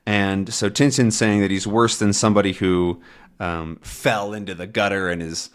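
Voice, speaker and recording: A man's voice: fairly low pitch, fairly even intonation, moderate pace. A man teaching English with a comic, explaining patiently and rephrasing words in simple terms. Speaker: English teacher and channel host. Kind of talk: slow explanatory language lesson.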